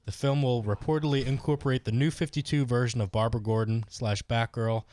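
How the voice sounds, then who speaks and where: A man co-hosting a casual podcast, relaxed and rambling, with many fillers. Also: mid-range voice, fairly quick. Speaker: podcast co-host. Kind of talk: casual chat.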